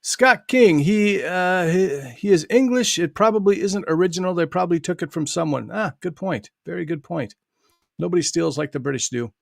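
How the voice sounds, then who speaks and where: A man hosting an online live stream, chatting loosely with guests, laughing often and filling pauses. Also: high voice, creaky, no echo, clean studio sound. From United States. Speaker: host and author. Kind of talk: casual live stream chat.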